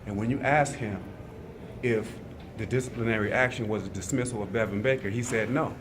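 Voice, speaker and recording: A man's voice: fairly low pitch, a little fast. A man at a press conference speaking pointedly and challenging the reporters directly. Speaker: community leader at press conference. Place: indoor hall at a press conference. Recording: noisy room recording.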